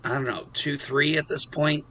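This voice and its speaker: A man's voice: fairly high pitch, steady tone, moderate pace, sharp tone. A man hosting a casual live stream chat, rambling and cursing freely. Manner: swears freely, rambling, self-deprecating. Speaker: host.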